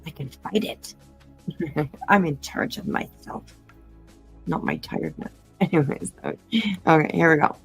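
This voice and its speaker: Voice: medium pitch, normal speed, creaky, long pauses, slightly rough, soft background music, poor audio. A livestreamer chatting casually about a true-crime case to a live chat, rambling with lots of fillers and asides while tired and yawning. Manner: rambling, filler-heavy, hedging.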